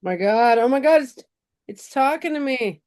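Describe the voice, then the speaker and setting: A woman with a fairly high voice co-hosts a relaxed chat. She jumps in with playful, quick reactions and teasing asides. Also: smooth. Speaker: podcast co-host. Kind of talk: casual chat.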